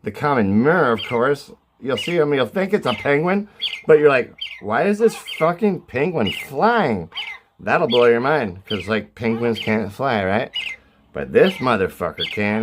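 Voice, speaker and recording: A man talks through a bird sound book in a loose, profane, mock-serious way, drifting into jokey asides. The recording is noisy, with recorded bird calls playing behind him. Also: mid-range voice. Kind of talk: irreverent comedic commentary. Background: bird calls played from a sound book.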